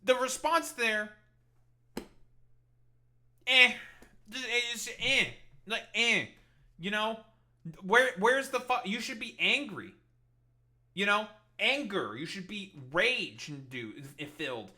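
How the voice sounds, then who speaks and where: Bright, high-voiced man ranting profanely. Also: animated, unhurried. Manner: profane, angry, sarcastic. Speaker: political commentator. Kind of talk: ranting reaction commentary.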